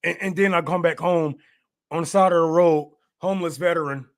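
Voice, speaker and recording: A man's voice: fairly high pitch, steady tone, fairly quick. A man giving a casual political rant, profane and heated, laughing often as he talks. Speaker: political commentator.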